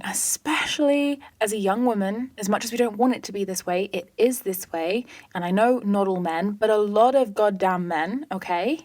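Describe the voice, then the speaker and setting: A woman hosting a podcast, telling a story in a lively, chatty way with whispered asides. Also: mid-range voice, no echo. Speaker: podcast host. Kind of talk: casual storytelling monologue.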